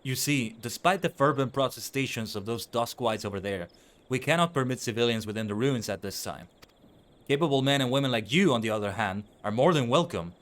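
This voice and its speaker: A man's voice: mid-range voice, animated, fairly quick, a bit bright, lightly acted. A man reading a formal, wordy game guard. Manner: courtly, old-fashioned phrasing.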